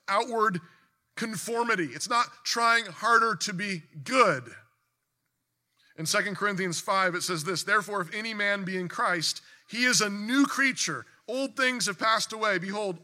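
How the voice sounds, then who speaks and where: This is a sermon from a man whose voice is high for his gender and rings very brightly. He preaches earnestly, breaking into emphatic surges and frequently restarting in the middle of sentences.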